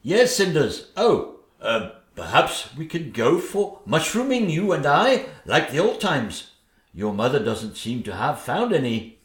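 A man's voice: on the high side, big pitch swings, measured pace. Man doing a dithering posh old king. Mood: flustered. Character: bumbling henpecked old king, man, dim. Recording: echoey room.

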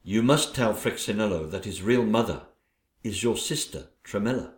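A man voicing a stern woman visitor who speaks in a grave, measured way. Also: fairly low pitch, expressive, echoey room, voice pushed down, lightly acted.

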